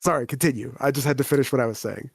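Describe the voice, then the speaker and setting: A man's voice: medium pitch, rapid-fire, creaky, slightly rough, no room sound. A man narrating a tabletop game as the game master, in plain storytelling.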